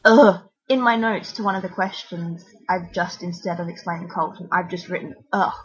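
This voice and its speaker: A woman co-hosting a podcast, giving blunt, opinionated takes in a halting, casual way. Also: lowish voice, husky. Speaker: podcast co-host. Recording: dull lo-fi mic.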